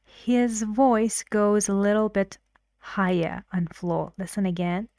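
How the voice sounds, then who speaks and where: Slow, careful woman teaching intonation. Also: medium pitch, darkish tone, dry recording. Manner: slow, repeats phrases to model intonation. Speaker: English teacher. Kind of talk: intonation lesson, explaining clips.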